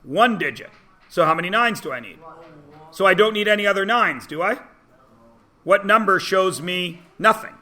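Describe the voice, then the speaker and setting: A man teaches a math lesson to a classroom of students. His voice sits high and sounds bright and forceful. He teases the students and keeps asking them quick check-in questions. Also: animated. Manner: teasing, chatty, asks rhetorical questions.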